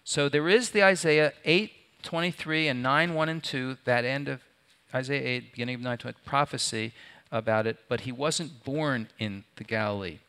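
Bright-voiced male pastor preaching. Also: mid-range voice, moderate pace, clean tone. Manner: poses rhetorical questions to the congregation. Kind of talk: sermon. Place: before a live congregation.

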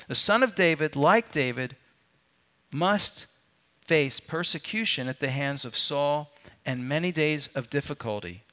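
A man preaching a sermon to his congregation, often pausing to put rhetorical questions to his listeners. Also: a little high, lively intonation, pushed and bright. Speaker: pastor. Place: before a live congregation.

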